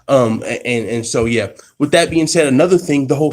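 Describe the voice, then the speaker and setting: A man hosting an MMA live stream from his workplace, telling the story casually in profane slang and restarting sentences as he gets excited. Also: a little high, fairly quick. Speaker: MMA channel host.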